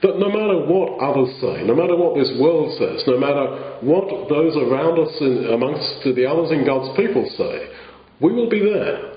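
A man's voice: fairly high pitch, sing-song, highs cut off. Earnest man preaching in an echoey hall. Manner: earnest, halting with restarts and fillers. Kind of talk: sermon.

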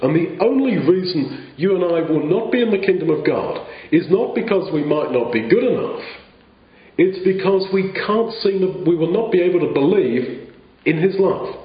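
A man preaching a sermon in an earnest, halting way, often restarting his phrases. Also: high voice, lively intonation, reverberant, dull audio.

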